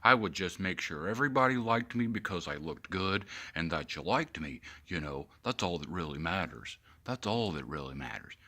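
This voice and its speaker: A man putting on a lowered, mocking drawl to play a smug, smooth-talking male politician. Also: lively intonation, normal speed, hardly any pauses, bright, forceful tone, exaggerated voice.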